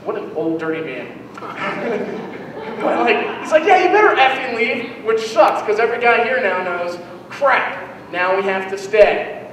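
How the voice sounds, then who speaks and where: Young guy doing standup, high voice, rambly self-mocking bits, super echoey hall far from mic. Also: expressive, measured pace, a crowd in the background. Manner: rambling, self-deprecating storytelling. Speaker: stand-up comedian. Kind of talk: stand-up routine.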